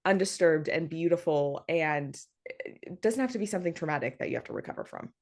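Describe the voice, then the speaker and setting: A woman's voice: low voice, fairly quick. Chatty young woman telling a story, laughing. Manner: animated storytelling, laughs often, many fillers. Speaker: podcast guest. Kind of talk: casual birth story interview.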